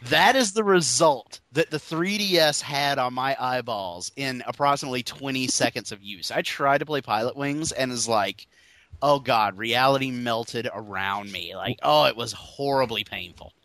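A man hosting a casual podcast, cracking loud jokes and telling stories with animated energy. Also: mid-range voice, normal speed, no room sound. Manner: loud, joking, animated storyteller. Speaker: podcast host.

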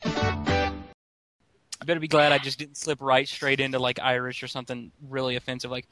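A man's voice: mid-range voice, flat delivery, moderate pace, long pauses, fairly bright tone, dry recording, faint music behind. A man co-hosting a casual comedy podcast, playful and rambling as he tells his bits. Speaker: podcast co-host.

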